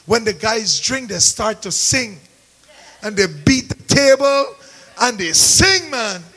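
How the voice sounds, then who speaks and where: A man preaching a sermon, calling out to the congregation and rising into shouts. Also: sits high, expressive, slow, low-quality recording. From Caribbean. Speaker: pastor.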